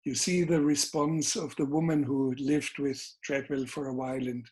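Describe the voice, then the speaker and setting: An older man with a Bavarian German accent, a filmmaker guest in an interview, speaking in measured, deliberate, emphatic phrases. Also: medium pitch, little pitch movement, darkish tone. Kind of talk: interview conversation.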